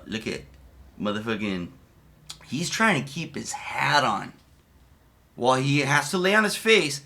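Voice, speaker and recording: A man's voice: medium pitch, bright, forceful tone. A man streaming casual, rambling commentary over a video, profane and loose, often laughing as he tells a story.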